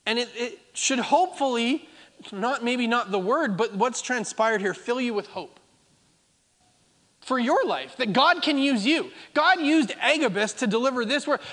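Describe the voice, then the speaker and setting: A man's voice: very high-pitched, expressive, measured pace, a bit bright, in a large hall. A man preaching a sermon as pastor, driving points home by repeating phrases. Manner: emphatic, repeating phrases for effect.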